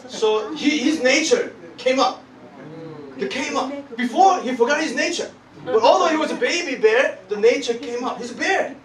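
A man preaching a sermon, animated and laughing as he tells a story, pausing often to search for words. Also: very high-pitched, a crowd in the background. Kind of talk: sermon with live interpreting. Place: church hall. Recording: echoey hall, distant mic, congregation.

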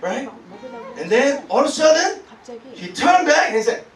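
A man preaching a sermon, animated and laughing as he tells a story, pausing often to search for words. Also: very high-pitched. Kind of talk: sermon with live interpreting. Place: church hall. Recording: echoey hall, distant mic, congregation.

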